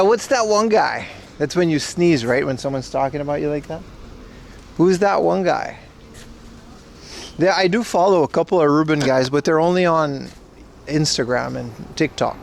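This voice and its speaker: A man's voice: fairly high pitch, a little hiss or hum. A man chatting casually with his livestream viewers outdoors, rambling and joking playfully as he browses plants. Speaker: IRL livestreamer. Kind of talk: casual live-stream chat with viewers.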